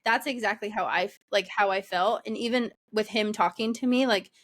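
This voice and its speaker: A woman's voice: steady tone, brisk. Chatty young woman telling a story. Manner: chatty, laughs often, acts out quotes in a high voice. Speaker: podcast co-host. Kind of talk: casual chat.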